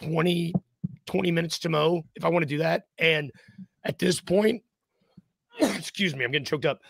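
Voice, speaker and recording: A man's voice: on the high side, moderate pace, vocal fry, breathy edge, dry recording. A man co-hosting a podcast in casual chat, rambling with fillers and laughing easily. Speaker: podcast co-host.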